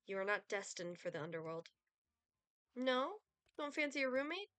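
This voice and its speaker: Woman putting on a deadpan sardonic Grim Reaper. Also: a little high, moderate pace, smooth. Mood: haughty. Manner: dry, disdainful and deadpan. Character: cold sardonic male Grim Reaper, deathly aloof.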